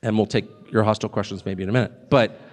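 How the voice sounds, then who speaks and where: A middle-aged man giving a live public speech as a guest speaker, animated and sardonic, with mocking asides and short chuckles. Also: lowish voice, fast, slight background noise. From United States. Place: large hall with a live audience. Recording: long hall reverb with crowd.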